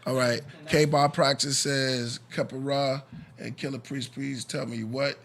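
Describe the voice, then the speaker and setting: A man's voice: medium pitch, flat delivery, measured pace, vocal fry, a bit bright. Laid-back male podcast host. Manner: laid-back, mediating, brief affirmations. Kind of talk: live podcast hosting.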